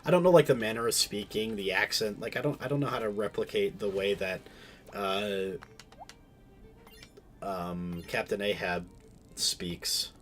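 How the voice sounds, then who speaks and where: A man with a fairly low voice chats casually while he streams a game. He rambles and keeps restarting his sentences, full of fillers and detours. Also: steady tone, unhurried, long pauses, fairly bright tone. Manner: rambling, self-interrupting, many fillers.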